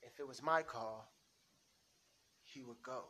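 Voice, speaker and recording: A man reading a script aloud, playing a stern, measured crime boss laying down the rules in an amateur script reading. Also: mid-range voice, bright, forceful tone, husky, exaggerated voice. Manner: measured, authoritative.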